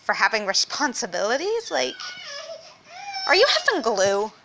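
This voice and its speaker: A woman's voice: fairly high pitch, huge pitch swings, a little slow, sharp tone, slight background noise, rough recording. A young woman venting casually at home, rambling and swearing freely. Her voice is strained from a sore throat and sometimes drops to a whisper. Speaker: vlogger. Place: at home with her baby nearby.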